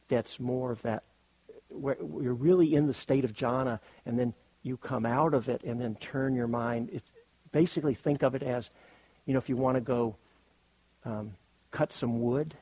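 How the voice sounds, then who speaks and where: Husky-voiced man giving a meditation talk. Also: mid-range voice, dark tone, dry recording, poor audio. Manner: thoughtful, searching, rephrases as he goes. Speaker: meditation teacher. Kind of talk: retreat dharma talk.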